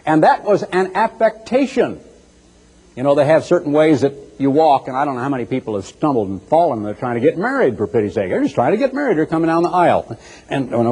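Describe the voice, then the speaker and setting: A man preaching a sermon in an animated, teasing way, acting out mocking voices as he goes. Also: on the high side, husky. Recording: echoey hall with long reverb.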